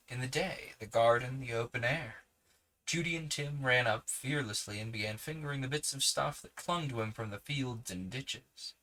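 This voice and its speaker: Bright-voiced man reading aloud. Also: mid-range voice, low-quality recording. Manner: unhurried, with small self-corrections. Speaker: podcast host reading a book aloud. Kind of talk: reading a novel aloud with casual asides.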